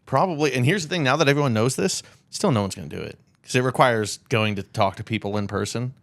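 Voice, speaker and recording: A man's voice: medium pitch, lively intonation, fast talker, gravelly, fairly bright tone, no room sound. A man co-hosting a podcast, joking and teasing his friend in casual banter. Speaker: podcast co-host. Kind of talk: casual chat.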